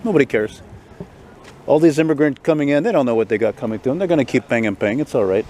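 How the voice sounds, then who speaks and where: A man's voice: medium pitch, animated, fast talker, a little mellow, slight background noise. A tired, unwell man, ranting and rambling as he walks a city street, recording on a handheld phone. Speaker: vlogger. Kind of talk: walking vlog rant.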